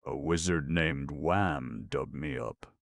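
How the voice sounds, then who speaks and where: A man voicing Crunch, a rasping stone giant. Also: extremely low pitch, no echo, clean studio sound, heavily acted. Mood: musing. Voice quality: rasping, scratchy, creaking. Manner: frank and slow. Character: ancient male stone giant, blunt and curious. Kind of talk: audiobook narration.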